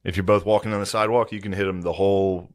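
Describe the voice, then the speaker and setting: Male podcast co-host, low-voiced, dry crude humor. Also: level tone, racing. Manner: dry, crude, acts out quotes. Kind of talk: casual comedic banter.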